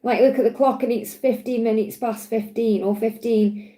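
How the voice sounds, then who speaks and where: A woman with a Stoke-on-Trent accent, giving a gentle, chatty card reading on a live stream and answering viewers. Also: a little high, fairly even intonation, normal speed, poor audio. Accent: Stoke-on-Trent English. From England. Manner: gentle, reassuring, chatty with frequent restarts. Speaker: tarot and angel card reader.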